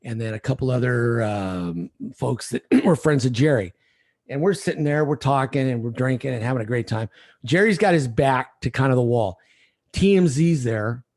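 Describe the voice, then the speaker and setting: A man's voice: medium pitch, normal speed. A middle-aged man telling a rambling story over drinks, acting out the other people in it. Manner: rambling, animated retelling with voiced quotes. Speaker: podcast guest.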